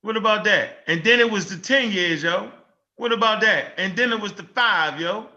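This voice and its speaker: Heated high-voiced man arguing, lo-fi. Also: moderate pace. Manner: animated, repetitive rhetorical questions, slangy. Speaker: panel debater. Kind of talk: heated casual debate. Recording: dull lo-fi audio.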